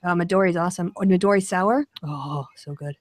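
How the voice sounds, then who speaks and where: A woman's voice: on the low side, a little fast, a little mellow, no echo. Laughing chatty woman hosting a chat. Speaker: host. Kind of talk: casual group chat.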